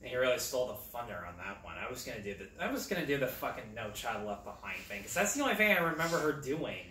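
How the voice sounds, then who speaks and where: A man co-hosting a casual movie podcast, relaxed and swearing casually as he chats. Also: mid-range voice, quick pace. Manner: laid-back, swears casually. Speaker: podcast co-host. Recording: echoey room, distant mic, faint noise.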